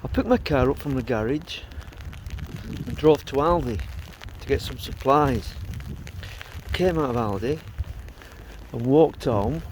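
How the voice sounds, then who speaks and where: A man chats through his day as a vlogger, dry and self-mocking. His voice sits at an ordinary middle pitch for a man. Faint background noise runs underneath. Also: darkish tone. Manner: chatty, wry and self-mocking. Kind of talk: casual vlog narration.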